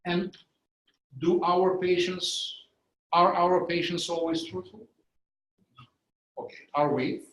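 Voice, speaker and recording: A man's voice: high-pitched, fairly even intonation, takes it slowly, pauses often, a bit bright. A man giving a training lecture, explaining ideas step by step and using live demonstrations. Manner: explanatory, illustrates with live demos. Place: conference room. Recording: echoey training room.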